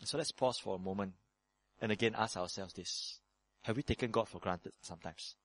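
Lively preacher man. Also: moderate pace. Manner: lively preaching, acts out prayers in sudden higher voices. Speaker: pastor. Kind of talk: sermon.

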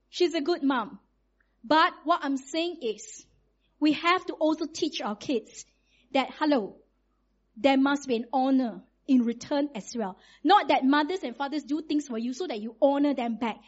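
A middle-aged woman, preaching in a lively, conversational way and acting out quotes. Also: high-pitched, lo-fi sound. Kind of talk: sermon.

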